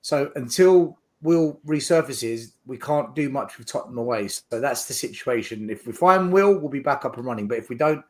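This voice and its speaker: A man on a casual fan podcast, earnestly explaining a problem with lively rises and falls. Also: medium pitch, normal speed, hardly any pauses. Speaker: panelist.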